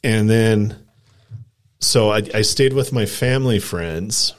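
A low-pitched man in his forties from Colorado shares a story on a casual podcast. He rambles from one detail to the next, filling it with "like" and quick impressions of what people said. His tone is relaxed and chatty. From Colorado, USA. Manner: rambling anecdote with lots of "like" and acted-out quotes. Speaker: podcast co-host.

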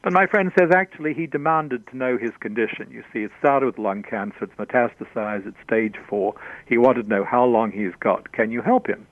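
An Australian man, a guest on a radio show, tells a story in an animated way and repeats words for emphasis. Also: mid-range voice, brisk, dry recording, narrow, tinny audio. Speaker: guest, shaman and author.

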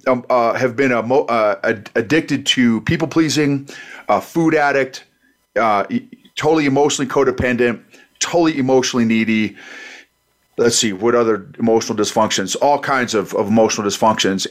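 A man speaking as a guest over a video call, loud and exuberant, laughing often as he tells his story. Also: mid-range voice. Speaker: podcast guest. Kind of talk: casual chat.

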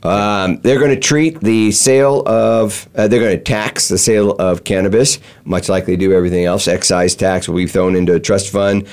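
A man's voice: on the low side, fairly even intonation, normal speed, hardly any pauses, darkish tone, clean tone. A man hosting a talk show, explaining step by step with many fillers and restarts. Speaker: show host. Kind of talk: explanatory chat.

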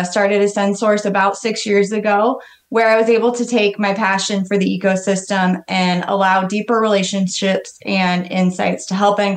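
Earnest woman panel guest. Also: medium pitch. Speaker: panel guest, company founder. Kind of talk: panel discussion.

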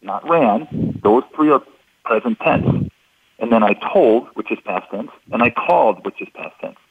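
A man's voice: mid-range voice, animated, measured pace, vocal fry, husky, no room sound, narrow, tinny audio. A man explaining clues in how people speak, as an interview guest, in a patient and methodical way that repeats key points. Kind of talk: instructive radio interview.

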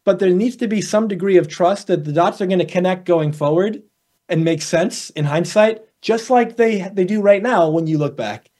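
A man who works as a coach, a guest on a podcast, explaining ideas through lively acted-out dialogues. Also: sits high, moderate pace. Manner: animated storyteller acting out little dialogues. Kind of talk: conversational interview.

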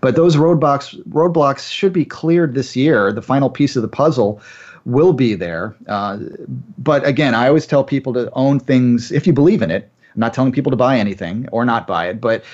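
A man's voice: mid-range voice, moderate pace, darkish tone, highs cut off. A man as a guest analyst on a finance radio show, talking in a chatty way with many uh fillers and giving confident opinions.

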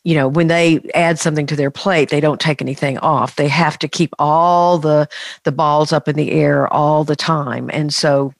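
A woman psychologist explaining in a measured, thoughtful way during a conversational interview, using clinical terms. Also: deep voice, fairly even intonation, gravelly, no room sound. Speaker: psychologist guest.

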